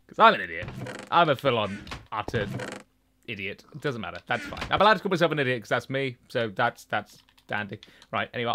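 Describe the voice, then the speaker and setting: A young man giving casual Let's Play commentary, chatty and talking to the game animals, with sudden excited outbursts. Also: on the high side, a little hiss or hum. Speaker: gaming YouTuber.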